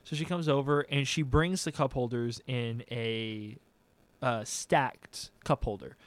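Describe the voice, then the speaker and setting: A man's voice: mid-range voice, fairly even intonation, slow pace, no echo. A young man, a podcast co-host telling a story in casual chat and acting out both sides of the conversation.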